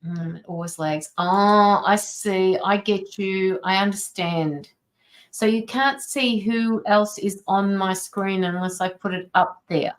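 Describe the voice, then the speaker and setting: A woman's voice: mid-range voice, fairly even intonation, takes it slowly, low-quality recording. A woman tarot reader and medium, chatting casually on a livestream from her home studio, sympathetic and greeting viewers by name.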